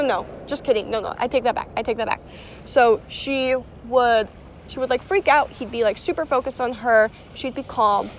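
A woman's voice: a little high, slight background noise. A young woman rambling casually about spiritual energy and self-healing, with lots of fillers and restarts.

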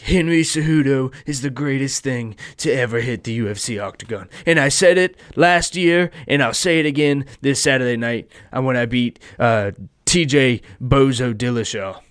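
A man's voice: medium pitch, moderate pace, smooth, lightly acted. A man putting on a boastful fighter who talks about himself in the third person, done as a Trump impression.

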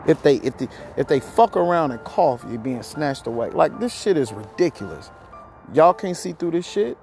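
A man rants on his podcast in a rough, gravelly voice, cursing freely as his thoughts tumble out. He sounds a little short of breath as he vents, and faint music plays in the background. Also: fairly high pitch, expressive, normal speed, a little mellow. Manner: profane, heated, rambling. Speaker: podcast host. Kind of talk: ranting monologue.

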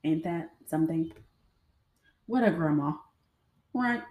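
A chatty woman hosts a casual storytelling show and speaks straight to her listeners. Her voice is lowish and mellow. The recording has a roomy echo. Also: expressive, takes it slowly. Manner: chatty, addresses listeners directly. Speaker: podcast host.

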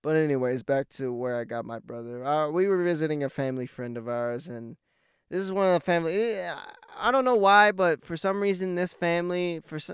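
A young man telling a rambling, profane story about his life in a casual, animated way. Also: fairly high pitch, smooth, no echo, studio quality. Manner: profane, rambling, animated when he gets heated.

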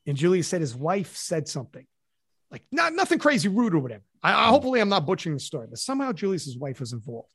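A man hosting a podcast in casual chat, telling stories in a profane, animated way. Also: sits high, quick pace, slightly rough, no echo, clean studio sound. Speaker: podcast host.

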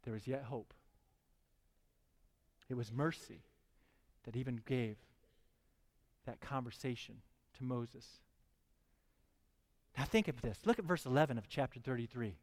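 A man's voice: medium pitch, moderate pace, long pauses, big-room sound. A man preaching a sermon, reading scripture aloud and pressing his listeners with questions. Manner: reads scripture, then preaches with rising fervor.

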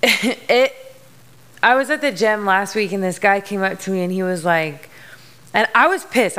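Young female podcast host; candid, swears a lot, gravelly fry in a smooth voice. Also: mid-range voice, fairly bright tone. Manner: frank and emotional, swears freely, many fillers. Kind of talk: candid personal monologue.

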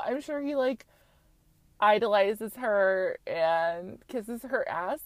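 In a dry recording, a mid-range female voice belongs to a young Utah woman recapping a reality show on her podcast. She chats casually and candidly, dropping plenty of fillers and swearing bluntly.

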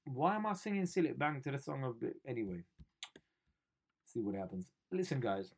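A man's voice: medium pitch, lively intonation, moderate pace, creaky, slightly rough. Young guy ranting jokey about the news, lots of slang and sarcasm. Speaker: host. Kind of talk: comedic news commentary.

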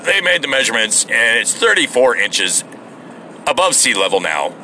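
A man mocking a smug male talk radio host, speaking slowly as if lecturing. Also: medium pitch, sing-song, pushed and bright, a little hiss or hum, pitched below the performer's own voice.

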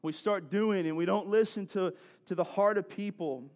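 A man, preaching a sermon in a conversational, animated storytelling way with asides to the congregation. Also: high voice, normal speed. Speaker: pastor.

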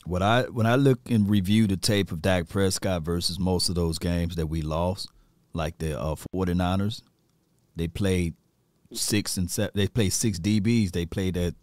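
A lower-pitched man hosts a casual sports talk show, rambling loosely through his points. The recording is close and dry, with no room sound. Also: unhurried, darkish tone, no room sound. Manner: rambling, loose, full of fillers and restarts. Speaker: show host.

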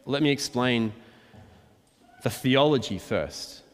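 A man's voice: mid-range voice, expressive, takes it slowly. A man preaching a conversational, verse-by-verse sermon and acting out the quotes. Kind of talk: expository sermon. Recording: long hall reverb.

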